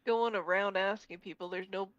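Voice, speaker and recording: A woman playing in a tabletop game, thinking out loud in casual table talk. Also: medium pitch, fairly even intonation, moderate pace, crowd noise. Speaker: player. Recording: dull, dry lo-fi audio.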